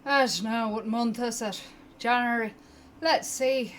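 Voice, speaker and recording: Woman playing a dry, mocking barber, a sardonic man who talks over the group, pitched a touch higher than her own easy voice and louder, with a faint hiss of room sound behind. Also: measured pace. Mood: wry. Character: sardonic male barber, secret contact.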